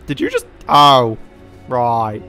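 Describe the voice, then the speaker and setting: A man's voice: medium pitch, huge pitch swings, slow pace, vocal fry, sharp tone, soft background music. Man hamming up a pirate voice. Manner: keeps up a hammy pirate voice with yar growls. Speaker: co-host and player. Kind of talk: casual gameplay chat.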